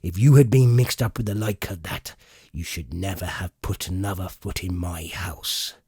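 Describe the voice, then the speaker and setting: A cunning one-legged sea cook , put on by a male narrator, growls his lines in slow, emphatic pirate talk. The voice sits low and swings widely, with a husky edge. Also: big pitch swings, a little mellow, no room sound, clean studio sound, heavily acted. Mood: gruff, commanding.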